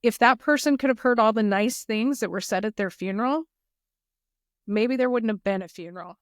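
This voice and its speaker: A woman's voice: on the high side, brisk, dry recording, clean studio sound. A middle-aged woman speaking as a guest in a podcast interview, telling personal stories in an earnest, heartfelt way. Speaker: guest, foundation leader.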